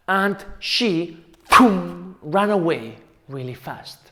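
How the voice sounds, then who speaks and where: A male teacher telling a folk tale to schoolchildren, slow and repetitive with dramatic pauses. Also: on the high side, lively intonation. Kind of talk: storytelling for children.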